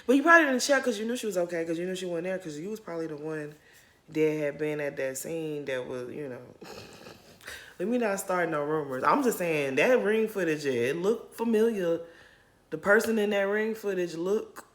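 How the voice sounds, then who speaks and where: A woman with a lowish voice and moderate pace recaps a reality show episode on her YouTube channel, speaking straight to camera. She's chatty and frank, openly emotional, and calls her viewers "y'all."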